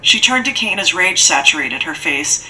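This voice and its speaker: A woman reading a dark fantasy story aloud as an audiobook narrator, with steady, measured, dramatic storytelling. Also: fairly low pitch, a little hiss or hum, low-quality recording.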